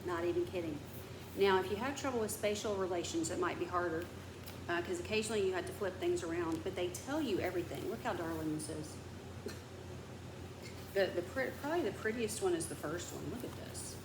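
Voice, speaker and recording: Woman vlogger, rambling, vents and whispers, lowish voice, echoey room with noise behind. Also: fairly quick. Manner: rambling storyteller who vents and drops to a whisper. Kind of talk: casual chat.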